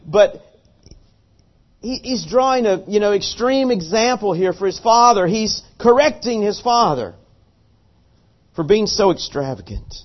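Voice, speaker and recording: Male pastor, animated earnest sermon delivery, slightly high voice, dull lo-fi recording. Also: unhurried, pauses often. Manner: earnest, animated storytelling with repeated restarts.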